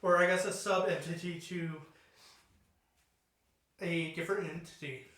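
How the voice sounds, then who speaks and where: A man's voice: fairly high pitch, steady tone, a little slow, a bit bright. A young man co-hosting a podcast, chatting casually in a rambling, profane way. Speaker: podcast co-host. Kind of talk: casual chat. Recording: echoey room, distant mic.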